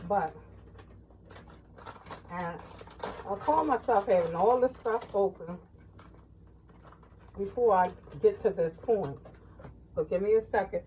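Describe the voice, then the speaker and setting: A woman runs a casual home cooking tutorial in her kitchen, chatty and folksy, calling her viewers y'all and baby. Her medium-pitched voice takes things slowly with long pauses, picked up by the camera mic as she moves around, giving dull lo-fi home video sound with faint noise.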